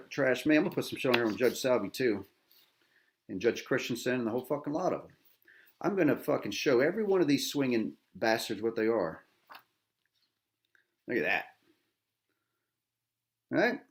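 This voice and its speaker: A man's voice: medium pitch, a little hiss or hum. A middle-aged man, a veteran host, angry and agitated, delivering a bitter, profane rant full of repetition and rhetorical "right?" tags.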